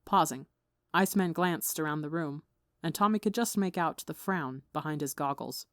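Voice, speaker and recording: A woman narrating a fan fiction story in an even, measured way. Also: deep voice, dry recording, studio quality. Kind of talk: audiobook reading of fan fiction.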